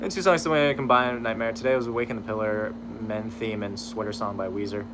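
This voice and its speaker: A man's voice: on the low side, fairly even intonation, brisk, background noise. A young man streaming, casually chatting with viewers, reading their messages aloud and swearing freely as he laughs at his own slip-ups.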